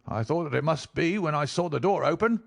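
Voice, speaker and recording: A man voicing a sly middle-aged gentleman whose overly coaxing manner hides menace, for an audiobook. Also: fairly high pitch, expressive, a little fast, creaky, pitched above the performer's own voice.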